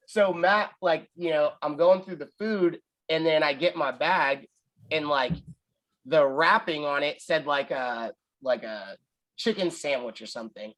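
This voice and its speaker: A man's voice: fairly high pitch, a little slow, fairly bright tone, poor audio. A man, rambling casually through a story, full of "like" and acted-out quotes. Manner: rambling, lots of "like", acts out quotes. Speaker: podcast co-host telling a story.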